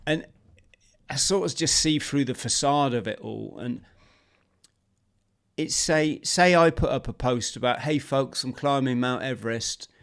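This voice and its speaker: Smooth-voiced man hosting a podcast. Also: mid-range voice, fairly bright tone. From United Kingdom. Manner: conversational, restarts, addresses listeners as friends. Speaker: podcast host. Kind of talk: casual podcast chat.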